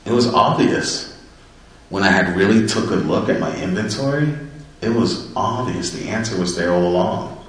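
Low-voiced man, earnest personal storyteller, very echoey room, mic set back. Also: animated, moderate pace, distant mic. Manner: earnest and reflective. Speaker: person in recovery sharing his story.

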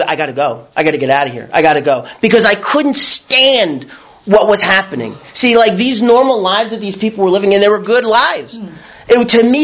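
A man sharing his recovery story in candid personal testimony, blunt and crude at times, acting out his past thoughts. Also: high-pitched. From New York. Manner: animated, acts out his own past thoughts. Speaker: recovery speaker.

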